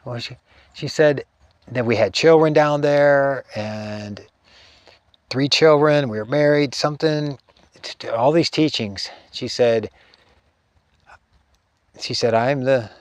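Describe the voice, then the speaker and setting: A middle-aged man, a spiritual teacher, telling a meandering story in a halting way, full of restarts and trailing phrases. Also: medium pitch, dry recording.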